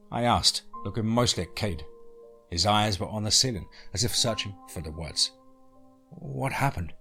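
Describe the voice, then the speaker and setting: A man narrating a scripted horror story in a measured, tense storytelling manner. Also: low voice, a bit bright.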